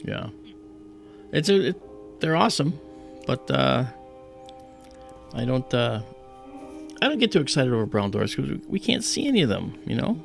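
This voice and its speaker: A man's voice: mid-range voice, sing-song, moderate pace, vocal fry, pauses often, soft background music. A man hosting an astronomy livestream, explaining casually with many fillers and restarts.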